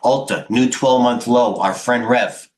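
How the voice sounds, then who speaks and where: A middle-aged man with a mid-range voice talks a little slowly on his live trading stream. Out of breath, he rambles casually, jokes, mocks himself, and mutters asides.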